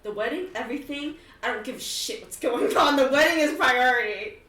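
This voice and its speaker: A woman's voice: high-pitched, brisk, a bit bright, pitched above the performer's own voice. Woman playing eager brother Mikhail. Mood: earnest. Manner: emphatic, enthusiastic. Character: eager young man Mikhail, earnest big brother. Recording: roomy, far from mic.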